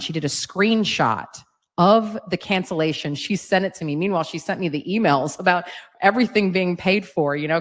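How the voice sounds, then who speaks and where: Middle-aged woman with a low voice, giving an earnest, fervent storytelling talk on a webcast. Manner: earnest, fervent storytelling with frequent "right?" asides. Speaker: speaker at an advocacy webcast.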